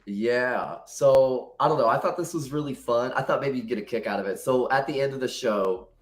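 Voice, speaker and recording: A man's voice: medium pitch, normal speed, echoey room. A young adult man talking candidly and rambling as a guest poet on a podcast. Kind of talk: casual podcast conversation.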